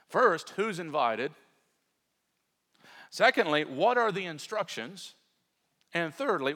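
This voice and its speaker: A male pastor delivers a sermon with earnest emphasis, leaning on key words and then easing into asides to his listeners. His voice is a little high for a man and fairly bright. A long reverb tail suggests a large church hall.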